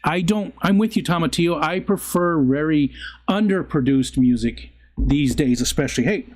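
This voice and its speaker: A man's voice: on the high side, moderate pace, a little mellow. A middle-aged man hosting a casual live stream, chatting in an easygoing, rambling way and often stopping to restart his sentences. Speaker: livestream host reading chat. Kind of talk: casual chat.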